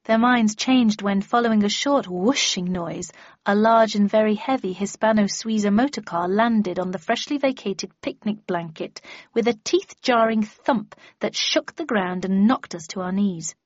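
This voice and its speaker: A woman's voice: mid-range voice, normal speed, no room sound. A woman reading a first-person novel aloud in a dry, wry storytelling manner. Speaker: audiobook narrator. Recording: dull lo-fi dry recording.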